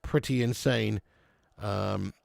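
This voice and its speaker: Gravelly man hosting a watch-along. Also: on the low side, steady tone, slow pace, no room sound, studio quality. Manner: casual, swearing, chatty. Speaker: host. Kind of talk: live football watch-along commentary.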